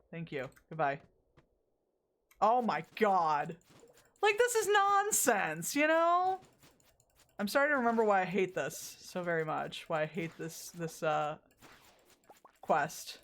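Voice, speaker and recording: Exasperated woman streaming a game. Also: on the low side. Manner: exasperated, swears, rambling asides. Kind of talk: casual gameplay chat.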